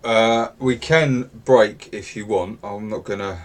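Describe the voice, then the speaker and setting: A man with a lowish voice guides players through a tabletop game as game master. He talks in an easygoing, unhurried way, hedging with little fillers as he sets the scene.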